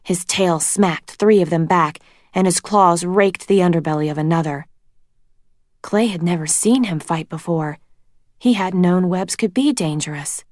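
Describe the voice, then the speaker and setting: A woman reading a storybook aloud in steady, unhurried narration. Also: fairly low pitch, dry recording, clean studio sound. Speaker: reader.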